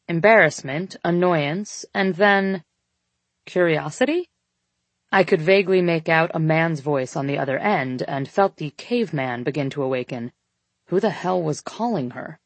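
Woman, audiobook narrator, lower register, dry close-mic sound, intimate and expressive. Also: moderate pace, dry recording. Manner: intimate, expressive, with voiced dialogue. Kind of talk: scripted first-person romance narration.

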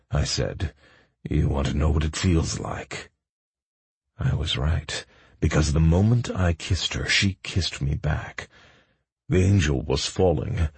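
A young man narrates an audiobook in an extremely deep, gravelly voice with a husky, breathy grain. He reads slowly and evenly. The sound is close and dry, with no room around it. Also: no room sound. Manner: slow, low-key first-person reading.

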